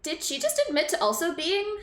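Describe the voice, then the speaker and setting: A woman streamer reacting to a game with animated, joking commentary. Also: very high voice, fairly quick. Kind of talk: live gaming stream. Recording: echoey room with game music.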